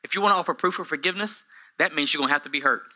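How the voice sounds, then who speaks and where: A man around forty preaching a sermon to a congregation in a church, swinging from hushed asides to shouted peaks, with humorous self-deprecating stories. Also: fairly high pitch, rapid-fire, poor audio. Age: 40s. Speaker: pastor. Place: church hall with a live congregation.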